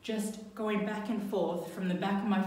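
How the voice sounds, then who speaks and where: A woman telling a funny true story on stage, lively and laughing, with many fillers and restarts. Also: medium pitch, normal speed. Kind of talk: live storytelling to an audience. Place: live venue stage. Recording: echoey venue, mic from far off.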